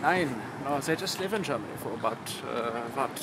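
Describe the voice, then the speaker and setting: A young man chatting casually outdoors in a relaxed, joking way with some hesitant fillers. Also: mid-range voice, fairly quick. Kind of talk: casual chat. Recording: outdoor traffic noise.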